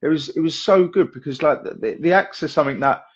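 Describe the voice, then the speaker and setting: Male host, chatty storyteller, slightly raised pitch, husky tone, dull lo-fi sound. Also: quick pace. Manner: chatty storyteller, lively, swears, acts out voices. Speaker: podcast host and magician. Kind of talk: casual chat.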